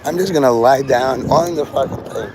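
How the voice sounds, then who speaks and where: A livestream vlogger rambles from an open-air plaza among tall city buildings, joking, swearing casually, and talking to the birds and his viewers. His voice is medium in pitch at a moderate pace, and the outdoor phone audio picks up street noise and city ambience.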